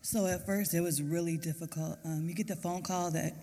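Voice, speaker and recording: A woman's voice: on the low side, fairly even intonation, brisk, dark tone. A woman, mother of a murder victim, giving an earnest, emotional testimony on a church stage. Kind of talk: personal testimony at a church service. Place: large church auditorium. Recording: reverberant church hall.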